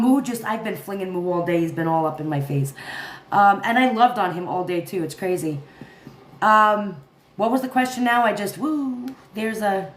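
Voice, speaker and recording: A tired woman hosting a casual livestream, rambling, laughing often and chatting with her viewers and her cat. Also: mid-range voice. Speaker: livestream commentary host. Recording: echoey room with faint noise.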